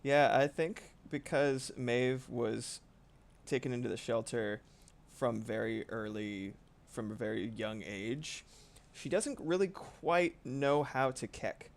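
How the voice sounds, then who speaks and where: A man's voice: medium pitch, takes it slowly. Rambling, laid-back male streamer. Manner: rambling, swears casually, laughs often. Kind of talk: casual livestream chat while drawing.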